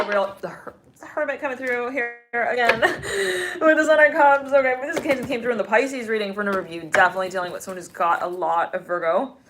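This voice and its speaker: A woman giving a live-streamed tarot reading. She talks in a chatty, exclamatory way, laughs often and breaks into sudden excited bursts. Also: mid-range voice, a little hiss or hum. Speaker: tarot reader.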